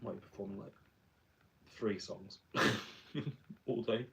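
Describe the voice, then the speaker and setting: A man's voice: fairly low pitch, fairly even intonation, takes it slowly, creaky, darkish tone. A man who is a drag performer, chatting playfully while doing his makeup and laughing often.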